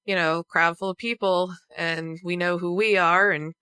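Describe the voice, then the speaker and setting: A woman's voice: on the low side, steady tone, moderate pace, bright, forceful tone, clear, resonant tone, no echo, studio quality. A woman co-hosting a casual podcast, chatty and sprinkling in lots of "you know". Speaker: podcast co-host.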